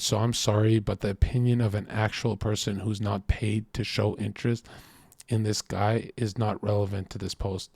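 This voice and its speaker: A man's voice: fairly low pitch, mellow, dry recording, studio quality. Brash, profane man streaming. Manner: rambling, acts out dialogue. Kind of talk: livestream reaction, reading chat aloud.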